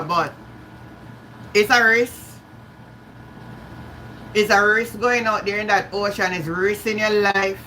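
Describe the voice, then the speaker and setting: A woman's voice: medium pitch, fairly even intonation, measured pace, long pauses, sharp tone, slight background noise, poor audio. A Jamaican woman hosting a live stream, chatting casually, greeting viewers by name and slipping into patois. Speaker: livestream host.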